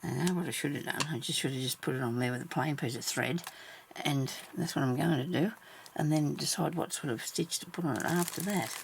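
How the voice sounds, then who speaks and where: A woman with a strongly gravelly, fry-laden voice narrates her stitching in a relaxed, rambling way, half to herself and half to the viewer. She drifts off mid-sentence and sometimes drops to a hushed whisper. A faint hiss sits behind her. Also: low-pitched, brisk, few pauses. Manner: chatty, talks to herself, trails off mid-sentence; drops to soft whispers at times. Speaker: sewing vlogger. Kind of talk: casual thinking aloud while stitching.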